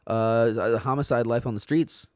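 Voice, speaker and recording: A man from Michigan co-hosting a true-crime podcast, rambling in casual chat with deadpan ironic jokes and halting fillers. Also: mid-range voice, smooth, no room sound, studio quality. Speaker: podcast co-host.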